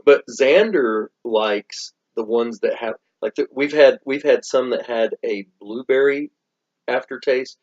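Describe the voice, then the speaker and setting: A middle-aged man co-hosts a soda review with his son, his medium-pitched voice unhurried and a little mellow. He chats casually, rambling and easily drifting off topic. The recording has a dull, lo-fi sound.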